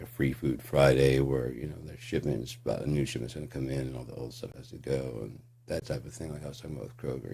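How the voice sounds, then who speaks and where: Very deep-voiced ranting man, husky. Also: warm tone. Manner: profane, sarcastic, ranting. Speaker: channel host. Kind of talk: casual monologue rant.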